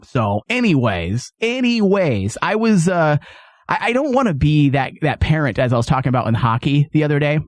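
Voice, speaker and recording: Animated thirtysomething guy hosting a podcast, kinda high voice, dry close mic. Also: normal speed, no echo. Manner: animated, joking, stumbling restarts. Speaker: podcast host. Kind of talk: casual comedic chat.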